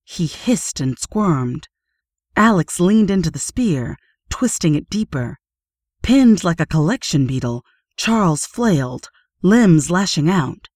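Steady woman audiobook narrator, lowish voice, dry close mic. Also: no echo. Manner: steady, measured reading.

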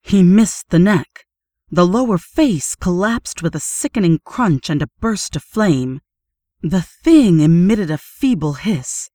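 A woman narrates a horror tale in a steady, measured audiobook read. Her voice sits low, recorded close on a dry mic with no room around it. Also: no room sound.

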